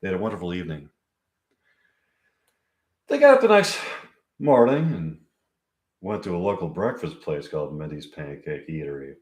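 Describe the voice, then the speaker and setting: A man reading his own comedy script aloud at home, halting and thinking aloud between lines. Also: deep voice, very animated, darkish tone. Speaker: amateur writer performing his own script. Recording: echoey room.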